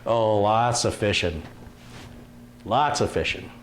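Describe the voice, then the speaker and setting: A man hosting a casual live stream, reading out viewer comments with quick asides and laughs. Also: on the low side, a little hiss or hum. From Detroit, USA. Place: home computer workshop.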